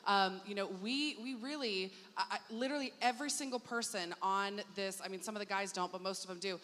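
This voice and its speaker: A woman's voice: medium pitch, brisk. Motherly woman moderating in a big hall. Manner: warm, motherly, reassuring. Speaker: staff moderator. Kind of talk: orientation panel hosting. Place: performing arts hall. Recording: long hall reverb, faint ambience.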